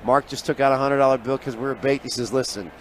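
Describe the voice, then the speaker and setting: A man who is a sports handicapper, telling an animated story as a guest on live sports radio and acting out the people he quotes. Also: mid-range voice, fast, slight background noise. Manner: lively raconteur who acts out quoted voices, often trailing off quietly. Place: live broadcast booth at a radio event.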